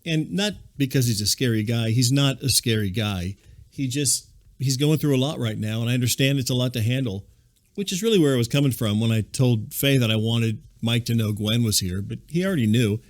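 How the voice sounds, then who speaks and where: A man in his thirties hosting a podcast, delivering a rambling, deadpan comedic monologue. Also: mid-range voice, fairly quick. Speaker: podcast host.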